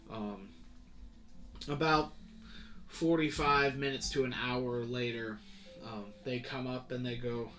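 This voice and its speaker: A man's voice: medium pitch, a bit bright. A man narrating a tabletop game as game master, loose and casual with many fillers. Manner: casual, many ums and kinda.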